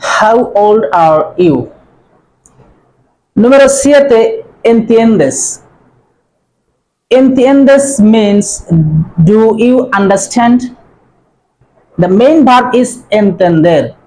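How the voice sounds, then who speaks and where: Slow, careful woman teaching a lesson. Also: a little high, dark tone, poor audio. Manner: repeats phrases slowly, drawing out words. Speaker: language teacher. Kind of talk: slow spoken language lesson.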